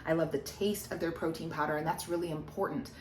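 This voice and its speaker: A woman's voice: low-pitched, fairly even intonation, fast, a little hiss or hum. A woman fitness coach chatting casually through a recipe and a meal-logging demo, upbeat and gushing. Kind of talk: casual recipe vlog chat.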